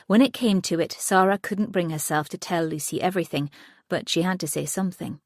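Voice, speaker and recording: A woman reads an audiobook thriller in a steady, even manner. Her voice sits low, and the dry studio sound keeps her close to the mic. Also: moderate pace, dry recording. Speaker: audiobook narrator. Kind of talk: scripted narration.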